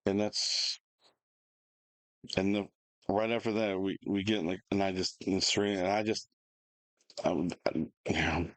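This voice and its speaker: A man, co-hosting a casual chat, telling an animated, rambling story with restarts and laughs. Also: low voice, unhurried, pauses often, dry recording, low-quality recording. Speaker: podcast co-host.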